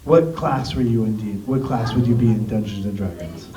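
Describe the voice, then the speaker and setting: A man's voice: lowish voice, normal speed, warm tone, recorded from a distance. A man on a convention panel, playfully joking and steering the Q&A in a theater. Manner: playful, joking, takes charge. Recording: roomy theater audio from afar.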